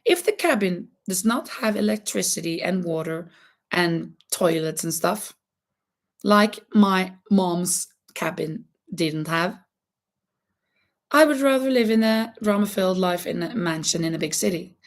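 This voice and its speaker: A woman livestreams a casual crochet chat in a lowish, animated voice that moves a little slowly. She's chatty and thinks aloud, full of fillers and restarts, while her voice cracks now and then and she coughs.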